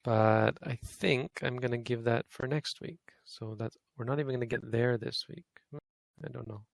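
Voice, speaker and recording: A man's voice: mid-range voice, fairly even intonation, moderate pace, gravelly, no room sound, poor audio. A man teaching an online language class, patiently saying vowel sounds aloud over and over for his students to copy. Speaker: Pali teacher. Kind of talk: online language lesson, demonstrating pronunciation.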